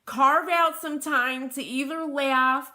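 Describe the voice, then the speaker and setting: A woman's voice: high-pitched, steady tone, takes it slowly, bright, forceful tone. A middle-aged woman from Connecticut with a Connecticut accent, hosting a live craft tutorial, chatting and laughing as she reads viewer comments aloud. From Connecticut, USA.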